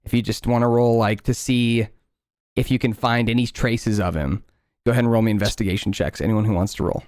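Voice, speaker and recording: A man's voice: lowish voice, steady tone, brisk, a little mellow, clean tone, dry recording, studio quality. A man running a tabletop game as game master, narrating scenes and explaining rules patiently with lots of filler words.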